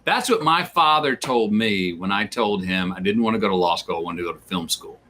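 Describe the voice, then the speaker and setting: A man's voice: fairly low pitch, a little fast, slight background noise. A man as an interview guest, talking casually and acting out quoted voices as he tells stories. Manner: animated storyteller who acts out quoted voices. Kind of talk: casual conversation.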